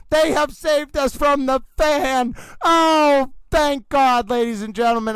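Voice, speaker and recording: A man's voice: extremely high pitch, a bit bright, smooth, no echo, low-quality recording. A man hosting a comedic livestream, talking like an overwrought horse-race announcer with theatrical exclamations. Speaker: livestream trial commentator.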